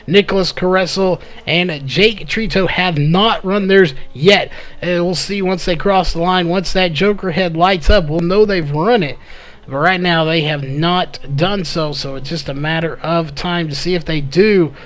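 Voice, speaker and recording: A man calling a live race play-by-play, slightly hoarse from losing his voice, with frequent "uh" fillers. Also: a little high, a little slow, fairly bright tone. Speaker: race commentator.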